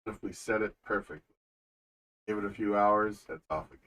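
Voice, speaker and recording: A man chatting on a live stream as co-host, dry and halting, with many filler pauses. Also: on the low side, fairly even intonation, fairly bright tone, low-quality recording. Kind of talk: casual live-stream chat.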